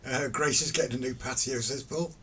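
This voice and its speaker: A man's voice: mid-range voice, fairly even intonation, fairly quick, a bit bright. A middle-aged man hosting a casual live stream, reading out viewer comments in a teasing, jokey way and laughing often. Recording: distant mic with faint ambient noise.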